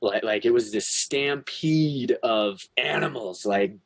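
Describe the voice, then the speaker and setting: A man's voice: mid-range voice, slow pace. A man who is a podcast guest, telling a personal story in a candid, earnest way with frequent swearing.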